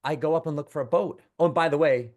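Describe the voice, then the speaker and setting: A man co-hosting, telling a long personal story in a rambling, animated way with many restarts. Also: on the high side, fast talker. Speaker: co-host. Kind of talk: casual storytelling.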